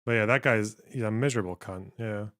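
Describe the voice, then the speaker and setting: A man's voice: on the low side, a little fast, fairly bright tone. A man hosting a livestream, chatting casually and bluntly with frequent swearing and laughter. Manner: profane, blunt, laughs often. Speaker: livestream host.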